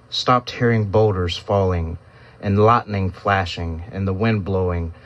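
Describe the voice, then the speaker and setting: Low-voiced man narrating a solemn story. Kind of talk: first-person audiobook narration. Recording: dull lo-fi recording.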